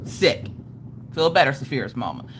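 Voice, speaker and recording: A woman's voice: very deep voice, very animated, moderate pace, very noisy. A woman hosting a casual crafting livestream, upbeat and greeting viewers one by one by name. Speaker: livestream host.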